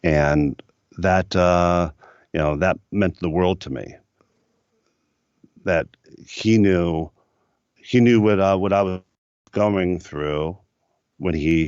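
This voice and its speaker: A middle-aged record producer from the United States rambles easily through studio stories on a podcast, using lots of fillers. His voice is low, deep and a little mellow, and the recording is dry and a bit dull.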